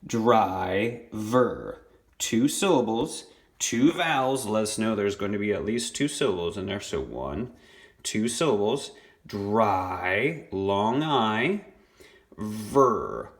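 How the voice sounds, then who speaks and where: A young man with a slightly low voice teaches children a phonics lesson. He sounds out each syllable slowly and patiently and repeats words for his pupils. He records it on a phone held in his hand. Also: big pitch swings. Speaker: elementary school teacher.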